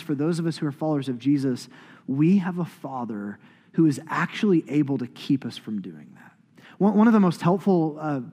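A man in his thirties preaching a sermon as pastor, building to loud emphatic peaks and dropping to hushed whispers. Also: fairly high pitch. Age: 30s. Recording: long hall reverb.

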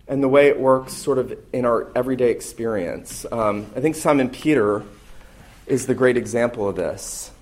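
A man's voice: mid-range voice, a little mellow. A man preaching a sermon as a pastor, earnest and emphatic, leaning into key phrases.

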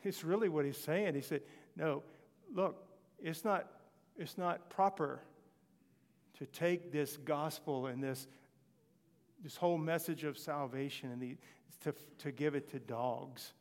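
A man preaching with a slightly raised voice, telling scripture stories in an animated way. His voice rings out with a long reverb, as if he is in a large church hall. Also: a little high, a little slow. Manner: animated storytelling, voicing quoted scripture figures. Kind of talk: sermon.

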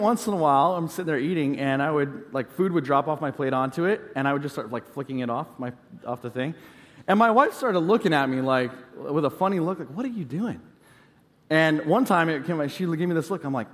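Man preaching in a reverberant hall. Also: a little high. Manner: conversational storytelling, self-deprecating humor. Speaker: pastor. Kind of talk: sermon.

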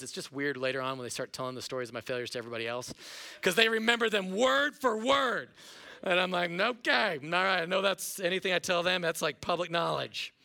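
A middle-aged male pastor preaching a sermon in a playful, animated way, acting out voices of his listeners. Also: on the high side. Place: church auditorium.

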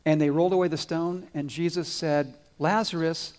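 A man leads a children's sermon in a church, his fairly high voice carried off by a long hall reverb. He quizzes the kids and waits for their answers, then tells stories with lively swings up to loud peaks. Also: a little fast. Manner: animated storyteller, swells loud on climaxes. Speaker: pastor giving a children's sermon. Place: church sanctuary.

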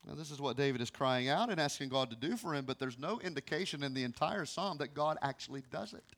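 A man in his thirties, a pastor preaching a sermon, moving from quiet, hushed passages to loud, pleading ones. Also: fairly high pitch, expressive, fast, hardly any pauses. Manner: emotional, swings from hushed to loud.

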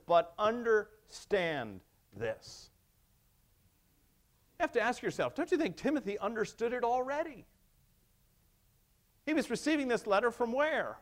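A male pastor preaching a sermon, emphatic and wry, asking the congregation rhetorical questions. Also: high-pitched. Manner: wry humor.

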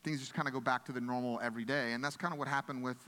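A man's voice: medium pitch, fairly even intonation, rapid-fire, bright, forceful tone. Earnest man preaching in a reverberant hall. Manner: earnest, conversational, with frequent restarts. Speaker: pastor. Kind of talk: sermon.

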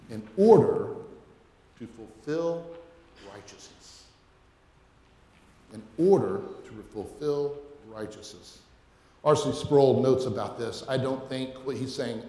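A man's voice: a little high, a little mellow. A man preaching a sermon as pastor, emphatic and questioning, often repeating words as he drives a point home. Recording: echoey hall.

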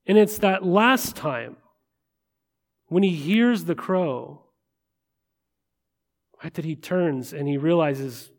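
A man preaching a sermon in a conversational way, often checking in with listeners and slowing to a hush at weighty moments. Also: fairly high pitch, expressive. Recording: long reverb of a large hall.

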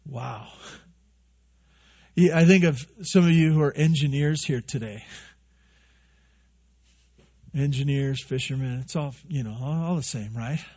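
A man preaching a sermon to a congregation in a relaxed, joking way, full of rhetorical questions. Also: medium pitch, moderate pace, slightly rough. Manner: conversational, joking, asks many rhetorical questions. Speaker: pastor. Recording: dull lo-fi recording.

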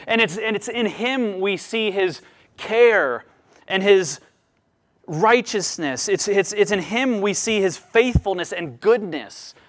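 High-voiced man preaching a sermon. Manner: expressive preaching, lively rises and drops. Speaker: pastor.

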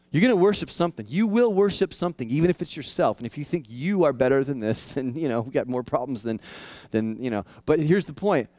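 A male pastor delivers a casual, conversational sermon that swings into high, excited tones, recorded with no echo.

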